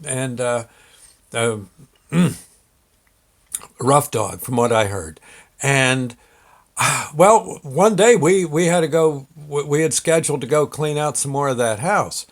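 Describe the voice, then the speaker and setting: A man's voice: mid-range voice, slow pace, pauses often. A man hosting his own show, telling a personal story in a rambling, folksy way with many fillers and restarts. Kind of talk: casual storytelling.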